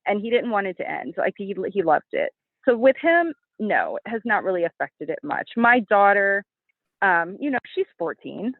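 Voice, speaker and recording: A woman in her thirties chats as a guest, telling stories with energy. She pops into a high voice to act out what others said. The sound is dry and thin, like a phone call. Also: moderate pace, dry recording. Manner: animated storytelling, acts out quotes in a high voice. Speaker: podcast guest, bodybuilding competitor. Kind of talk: casual interview chat. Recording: tinny phone-like line, dry.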